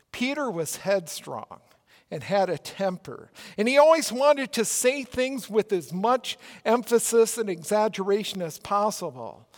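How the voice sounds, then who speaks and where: A pastor from Minnesota with a Minnesotan accent, giving an earnest, emphatic sermon with deliberate pauses. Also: male voice, sits high, long reverb tail.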